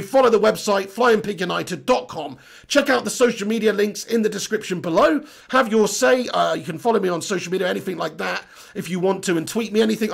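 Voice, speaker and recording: A young man hosting a football channel, reading viewer comments in a chatty, blunt way while his voice is going hoarse. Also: high voice. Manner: chatty, matey shout-outs, blunt opinions. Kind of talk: casual live-stream chat, reading viewer comments.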